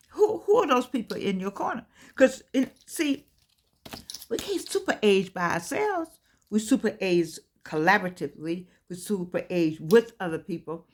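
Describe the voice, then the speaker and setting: A woman in her eighties giving an inspirational talk in an earnest, preaching cadence, full of repeated words and restarts. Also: mid-range voice. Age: 80s. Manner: repetitive, many stammered restarts. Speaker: motivational speaker.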